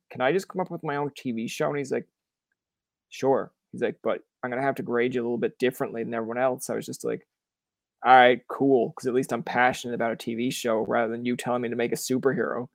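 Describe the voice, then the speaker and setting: A man's voice: mid-range voice, fairly even intonation, fast talker, creaky, no room sound. A young man from Canada hosting a podcast in casual chat, rambling with many fillers, swear words and acted-out quotes. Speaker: podcast host.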